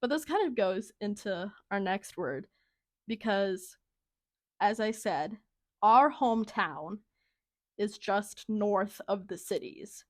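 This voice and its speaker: A woman's voice: medium pitch, lively intonation, takes it slowly, dry recording, studio quality. A young woman co-hosting a casual chat, talkative and laughing often. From Minnesota, USA. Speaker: podcast co-host.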